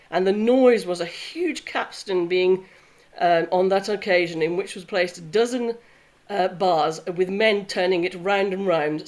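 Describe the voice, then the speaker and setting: A host reading from an old diary aloud and chatting casually, with frequent apologetic asides. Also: mid-range voice.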